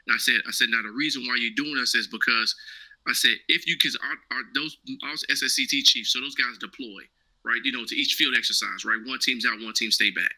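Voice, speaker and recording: A man's voice: mid-range voice, a little fast, bright, forceful tone, rough recording. A man, a former Marine, telling a casual story as an interview guest. He talks animatedly, acts out the dialogue and keeps checking in with "right?".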